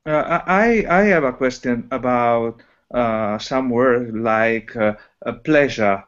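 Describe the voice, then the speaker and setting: A man's voice: slow, smooth. A man student in an online English lesson who asks questions hesitantly with many fillers. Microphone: video call. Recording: muffled low-fidelity video call audio.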